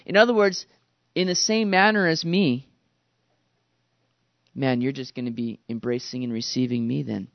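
A man's voice: mid-range voice, moderate pace, gravelly, pauses often, dry recording, dull audio. A man preaching a sermon as a pastor, conversational and storytelling, often repeating words.

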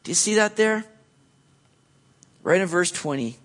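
Animated male preacher, slightly high voice. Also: measured pace. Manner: animated storytelling, acts out quoted voices. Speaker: pastor. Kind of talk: sermon.

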